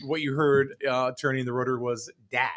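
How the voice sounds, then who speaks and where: A man hosting a casual panel chat, drawing the others in and reacting in an animated way. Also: medium pitch, normal speed. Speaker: host.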